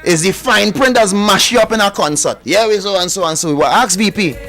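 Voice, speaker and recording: A man's voice: high voice, a little fast, sharp tone, faint music behind. A man with a Trinidadian accent hosting a radio call-in show, joking and laughing as he tells stories. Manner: jokey storyteller, laughs often. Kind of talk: casual call-in chat.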